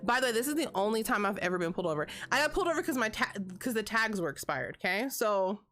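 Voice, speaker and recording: A woman's voice: mid-range voice, sing-song, fast talker, bright, forceful tone. A woman in her thirties telling a story on a livestream, chatty and profane, with a constant "like" between phrases. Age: 30s. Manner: chatty, profane, heavy filler "like". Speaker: vlogger. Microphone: streaming setup.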